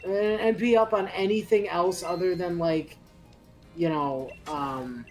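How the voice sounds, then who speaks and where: A podcast co-host talking slowly through their thoughts with many pauses and fillers. The talk is casual and friendly. Soft music sits under the voice. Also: medium pitch, steady tone. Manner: halting, thinking aloud, hesitant fillers. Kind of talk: casual gaming podcast chat. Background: faint background music.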